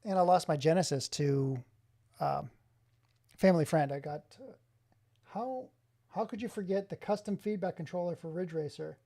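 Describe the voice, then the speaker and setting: Mellow-voiced excitable male streamer. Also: on the high side, normal speed, gravelly, long pauses. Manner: excitable, exclaims often, chats with viewers by name. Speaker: streamer showing his game collection. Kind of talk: casual live-stream chat. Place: home office.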